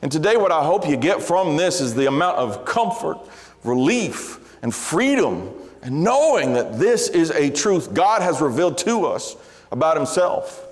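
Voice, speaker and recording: Conversational preacher in a reverberant church. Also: male voice, a little high, sing-song, a little slow. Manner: earnest, conversational with self-deprecating humor. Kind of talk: sermon. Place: large church sanctuary. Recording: long hall reverb.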